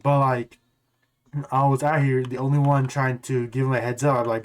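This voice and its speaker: A man tells a long story straight to camera in a loose, rambling way. He keeps doubling back on his words and curses offhandedly. His voice sits at an ordinary middle pitch. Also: little pitch movement, moderate pace. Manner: rambling, repeats words and restarts; blunt, swears casually. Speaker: gaming YouTuber.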